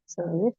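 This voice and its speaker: In a home room full of fish tanks, a woman streams casually while caring for them, chatty and self-deprecating as she coos to her fish. Her voice is mellow, with no echo, but the recording is muffled.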